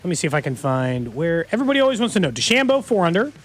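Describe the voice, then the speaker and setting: Guy hosting sports radio, bouncy high voice, joking around, light music behind. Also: rapid-fire. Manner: lively, jokey, reads trending headlines. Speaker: radio sports show host. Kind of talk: casual sports radio banter.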